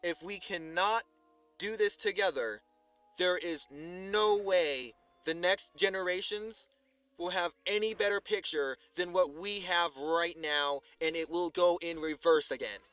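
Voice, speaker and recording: Male streamer, slightly high, bright voice; rambling, swearing, filler-heavy monologue over faint music. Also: measured pace, clear, resonant tone, dry recording. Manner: swings from subdued to heated ranting. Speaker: live streamer. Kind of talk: casual live-stream monologue.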